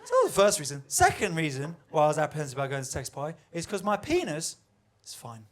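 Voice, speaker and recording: Male stand-up, high-pitched, conversational delivery with acted-out asides. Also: fast talker. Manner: conversational, animated, acts out quoted voices. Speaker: stand-up comedian. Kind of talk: stand-up comedy set. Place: comedy venue with live audience.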